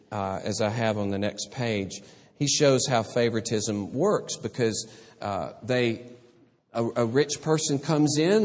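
A man's voice: mid-range voice, darkish tone, in a large hall. A man preaching a sermon as pastor, conversational and emphatic by turns.

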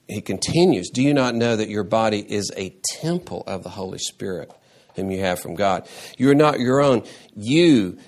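A pastor, male, preaches with real animation. Words get repeated and phrases restarted, and sudden climbs into a high voice mark his points of emphasis.

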